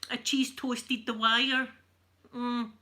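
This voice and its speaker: A woman's voice: fairly high pitch, little pitch movement, slow, bright, forceful tone. A Scottish woman hosting her channel, telling rambling stories in casual chat and laughing often. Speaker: channel host.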